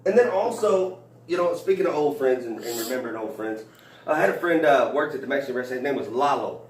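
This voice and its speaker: A man's voice: mid-range voice, lively intonation, fast, slight background noise. A man telling stand-up stories in a rambling way, with many fillers and restarts. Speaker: comedian. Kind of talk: stand-up storytelling. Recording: roomy, from a distance.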